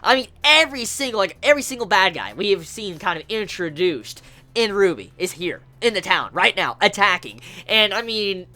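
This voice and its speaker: A woman reviewing an animated series episode, gushing with excitement and swearing freely as she talks. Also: medium pitch, normal speed. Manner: gushing, profane, emphatic.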